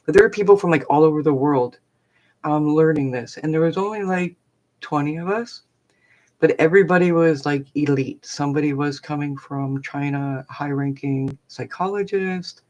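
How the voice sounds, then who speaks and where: A woman's voice: low voice, moderate pace, darkish tone, muffled recording. A middle-aged woman, a forest therapy guide, telling a personal story on a live stream in a chatty, rambling way full of fillers.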